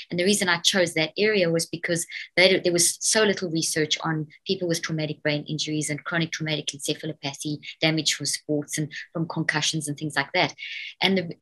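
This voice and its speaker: A middle-aged woman with a South African accent speaks as a podcast guest. Her voice sits a little low for a woman, and she talks in an earnest, animated way, with quick laughs. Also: poor audio. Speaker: guest neuroscientist. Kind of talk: podcast interview.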